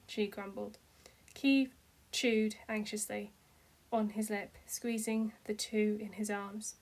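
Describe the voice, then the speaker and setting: A woman's voice: medium pitch, flat delivery, slow. A woman reading fan fiction aloud, narrating steadily and lifting her voice for the characters' cries. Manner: reads steadily, with voices rising into cries for dialogue. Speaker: fanfiction reader. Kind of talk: amateur read-aloud story narration.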